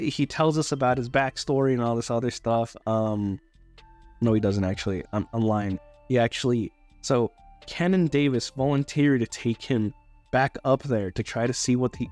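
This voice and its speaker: A man's voice: medium pitch, moderate pace, a little mellow, soft background music. A young man casually recapping a movie, rambling with loose, swearing talk and frequent restarts. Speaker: YouTuber reviewing a movie.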